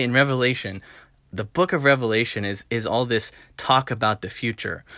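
A man preaching an earnest sermon, repeating words for emphasis and rising to loud stresses. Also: medium pitch, no room sound, clean studio sound. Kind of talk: sermon-style teaching.

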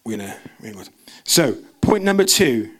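A young man, preaching a sermon in a church service as an animated storyteller who jumps into quoted voices. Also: mid-range voice, normal speed.

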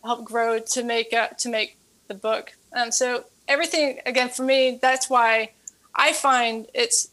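An earnest woman who coaches fitness and has written a book, telling a story as an interview guest. Her voice sits a touch high, and she often repeats her words as she builds a point. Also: fairly bright tone.

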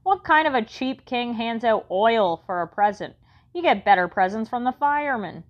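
A woman's voice: fairly high pitch, expressive, moderate pace, dull audio, voice pushed up, natural voice. A woman voicing a blunt, bossy young girl with brash, indignant outbursts in an audiobook. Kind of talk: audiobook character voice.

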